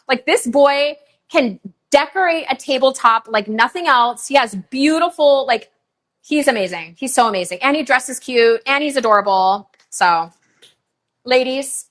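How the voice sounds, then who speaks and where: Her voice is bright, forward and a little high as this middle-aged woman runs a live online sale. She gushes bubbly chatter and breaks into quick countdowns between products.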